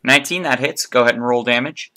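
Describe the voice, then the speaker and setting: A man narrating as dungeon master in a casual tabletop game, talking in a loose, halting way with fillers. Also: mid-range voice, fairly even intonation, pushed and bright.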